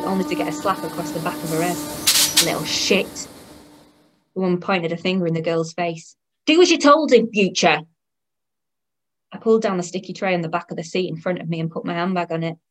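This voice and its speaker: A woman's voice: lowish voice, fairly even intonation, fast talker, hardly any pauses. Wry woman narrating. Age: 30s. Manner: wry, weary and sardonic. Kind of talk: first-person audio drama narration.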